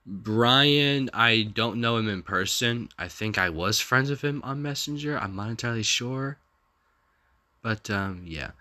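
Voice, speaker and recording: A young man with a medium-pitched, sharp-toned voice speaks a little slowly as he vlogs casually. He reads out text messages and comments on them, rambling, repeating himself and restarting hesitantly.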